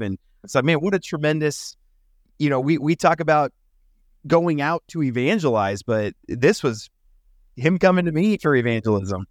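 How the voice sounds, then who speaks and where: A man's voice: on the high side, expressive, moderate pace, no room sound, studio quality. A man, an entrepreneur guest on a podcast, talking earnestly and telling personal stories in a casual conversation, sometimes acting out the voices of people he quotes.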